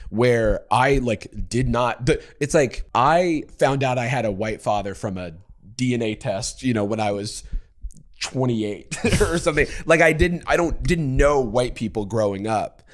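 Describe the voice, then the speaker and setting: A man talking reflectively on a podcast, in halting phrases. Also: mid-range voice. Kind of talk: casual podcast conversation.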